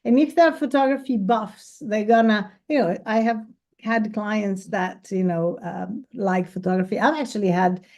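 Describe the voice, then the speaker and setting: A woman's voice: medium pitch, moderate pace, a little mellow. A professional photographer, a woman, giving a casual, enthusiastic talk and answering questions at an event. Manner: chatty, enthusiastic, laughs easily. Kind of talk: casual presentation and Q&A. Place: event space.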